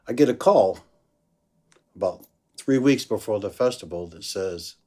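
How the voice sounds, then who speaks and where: This man, a blues musician, tells a story casually in a fairly low voice at a measured pace. He acts out the voices of the people he describes with animation.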